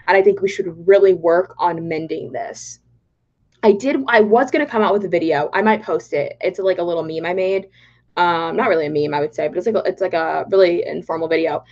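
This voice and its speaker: A young woman from Dallas with a Texan accent, chatting excitably on a livestream and reading viewer comments aloud. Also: lowish voice, brisk. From Texas, Dallas. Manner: bubbly and excitable, reads chat aloud. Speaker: political vlogger. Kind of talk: casual livestream chat. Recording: dull lo-fi livestream audio.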